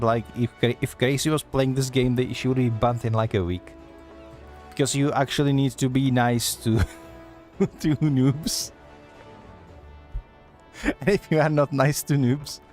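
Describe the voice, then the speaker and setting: A man's voice: medium pitch, a little mellow. A man streaming a game live, chatting casually and making sarcastic asides.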